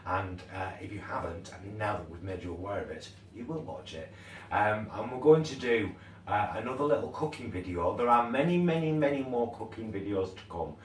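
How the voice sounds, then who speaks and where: A man's voice: fairly low pitch, animated, a little fast, roomy sound, distant mic, a little hiss or hum. A man co-hosting a casual home cooking video, chatting through a recipe with plenty of ums and uhs. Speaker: cooking channel co-host. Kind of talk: casual cooking demo chat.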